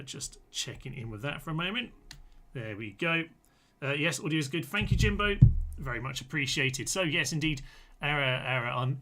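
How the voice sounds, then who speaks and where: Bright-voiced chatty game streamer. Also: male voice, medium pitch. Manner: chatty, reads out chat comments with frequent ums. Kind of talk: live-streamed gameplay commentary.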